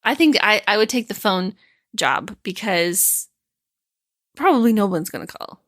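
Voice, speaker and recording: A woman's voice: mid-range voice, expressive, a little slow, a bit bright, no room sound, studio quality. A woman co-hosting a podcast in casual chat, teasing and laughing often. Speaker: podcast co-host.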